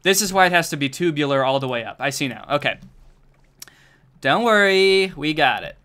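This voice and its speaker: A man's voice: fairly high pitch, moderate pace, clean tone. A young man streaming a game, chatting casually and jokily to himself and his viewers, with keyboard typing behind him. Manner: jokey, excitable, talks to himself and to chat.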